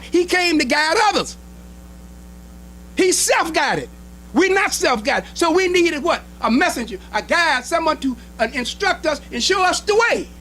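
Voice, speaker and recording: Man preaching, really high bright voice, punchy repeated lines, faint hum under it. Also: poor audio. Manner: emphatic preaching with short repeated phrases. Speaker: minister. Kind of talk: sermon. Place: temple hall.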